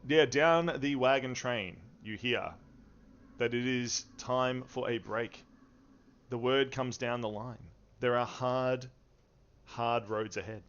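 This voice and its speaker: Slow, easygoing male game master. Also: mid-range voice, a bit bright, smooth. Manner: unhurried, easygoing, with frequent fillers and chuckles. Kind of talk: narrating a tabletop game. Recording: dull lo-fi stream audio.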